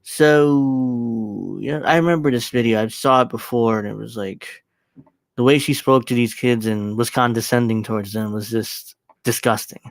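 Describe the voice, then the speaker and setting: A man's voice: medium pitch, steady tone, moderate pace, creaky, no echo. Mocking, profane young man. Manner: mocking, profane, laughs often. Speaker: host. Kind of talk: casual commentary on clips.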